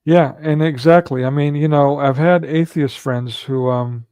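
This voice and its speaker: A man's voice: fairly high pitch, fairly even intonation, a little slow, darkish tone, clean tone, no echo. A man hosting a livestream, telling a long rambling story in casual chat with frequent restarts and fillers. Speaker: livestream host.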